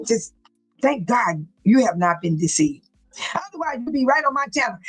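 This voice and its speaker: A woman's voice: fairly high pitch, very animated, moderate pace, slightly rough, faint music behind, rough recording. A woman hosting a casual livestream, talking emphatically and preachily, repeating herself and laughing often as she reads viewer chat.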